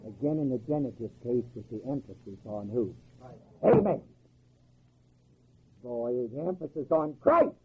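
A man's voice: mid-range voice, sing-song, a little slow, long pauses, a little hiss or hum. A man preaching a sermon in a folksy, emphatic way, firing rhetorical questions and chuckling at his own jokes. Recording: tinny phone-like old recording.

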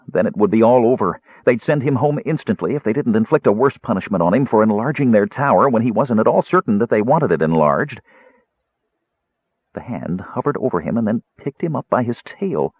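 A man narrating a fantasy novel aloud in an expressive storytelling way. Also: fairly low pitch, a little fast, breathy edge, dry recording. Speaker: audiobook narrator. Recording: tinny phone-like sound.

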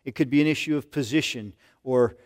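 A man's voice: medium pitch, fairly quick, a little mellow. An older man preaching a sermon in an earnest, conversational way, often restarting his words. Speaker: pastor.

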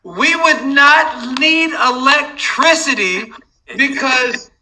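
A man's voice: very high voice, pushed and bright, a little hiss or hum. A man leading a workshop on a group video call, effusive and affectionate in his praise. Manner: effusive and affectionate, slow and drawn out.

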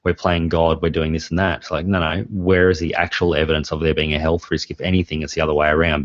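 A man's voice: extremely low pitch, no room sound. A man in his forties, a podcast host who tells rambling stories and laughs often. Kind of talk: casual chat. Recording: dry, dull lo-fi sound.

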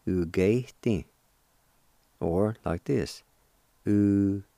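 A man hosting a radio language lesson, spelling and pronouncing each word slowly and patiently, repeating it several times. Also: fairly low pitch, warm tone, dry recording. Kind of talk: slow spelling and pronunciation lesson.

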